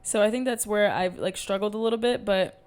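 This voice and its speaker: A fairly quick, mid-range voice with a darkish tone belongs to a young podcast host talking to camera at home. She rambles frankly through a solo chat, peppered with fillers and casual swearing.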